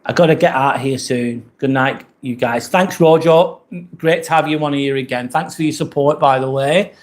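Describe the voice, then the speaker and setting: A man with a British accent hosts a casual live stream from indoors. His voice sits at an ordinary middle pitch, and his talk is loose and meandering. He keeps thanking the viewers whose comments he reads. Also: normal speed. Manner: relaxed, rambling, thanks viewers often.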